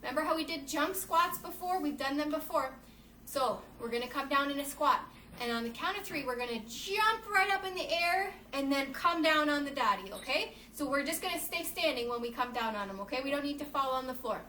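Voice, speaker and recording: A young woman with a high, animated voice reads a picture book aloud a little fast while leading children through yoga poses. She encourages them, calls them friends and acts out the story's shouts. She's recorded from some distance in an echoey room with a faint background hum.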